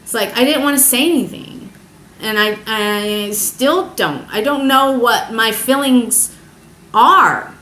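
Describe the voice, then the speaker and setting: A young woman telling a personal story in a confessional vlog, halting and hesitant, emotional as she searches for words. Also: a little high, animated, pushed and bright, a little hiss or hum. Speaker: vlogger. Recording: echoey room.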